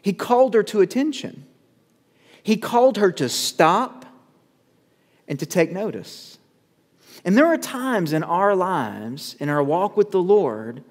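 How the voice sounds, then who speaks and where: A male pastor preaching a sermon, measured with dramatic pauses, building to urgent calls. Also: high voice, darkish tone. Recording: long reverb of a church hall.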